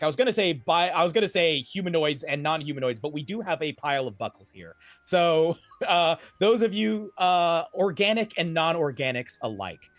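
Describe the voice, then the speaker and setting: A man narrates a tabletop game as game master on a live stream. His pitch swoops widely, and he rambles and corrects himself as he goes. The sound is dry and close, with a little music underneath. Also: moderate pace, no room sound. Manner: animated, rambling, self-correcting.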